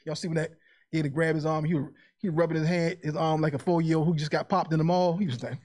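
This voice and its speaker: A man's voice: fairly high pitch, fairly even intonation, quick pace, darkish tone. A man hosting a podcast, chatting casually and animatedly, laughing often and mixing jokes with preachy asides. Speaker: podcast host. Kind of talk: casual chat.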